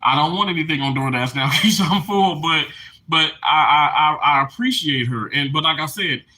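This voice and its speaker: A man live streaming casually to his chat, emotional and animated, laughing and tearing up as he talks. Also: fairly high pitch, normal speed.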